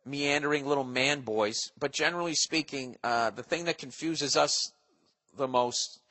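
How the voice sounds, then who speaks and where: A man's voice: mid-range voice, normal speed, bright, forceful tone, long reverb tail. A man in his forties hosting a podcast, rambling through listener mail in a profane, sarcastic, comedic monologue. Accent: Boston. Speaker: podcast host.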